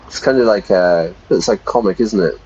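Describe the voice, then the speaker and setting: A man's voice: lowish voice, moderate pace, a little mellow, slight background noise. A man who teaches English, playing a game on stream and chatting casually as he explains words for learners. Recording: dull, lo-fi sound.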